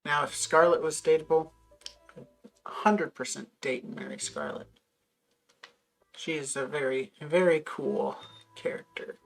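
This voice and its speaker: A woman's voice: deep voice, sing-song, unhurried, vocal fry, pauses often, faint music behind. A woman streaming a farming game, chatting casually with wry, muttered asides. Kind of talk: casual gameplay chat.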